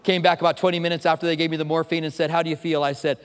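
A middle-aged man preaching a sermon, telling a personal story with animated, self-mocking humor. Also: a little high, rapid-fire, smooth. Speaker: pastor. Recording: long reverb of a large hall.

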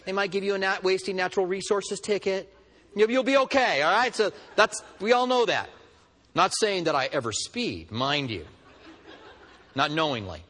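A pastor preaching a sermon with animated storytelling, acting out both sides of everyday dialogues. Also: male voice, sits high, normal speed. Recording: preached in a hall with long reverb.

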